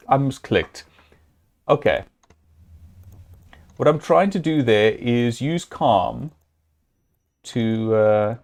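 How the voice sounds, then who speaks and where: This live gameplay commentary comes from a man with a mid-range, expressive, slightly mellow voice who reasons out his moves as he plays. His talk is loose and halting, stuffed with "um"s and false starts, and he occasionally turns to his audience or chides the hero on screen.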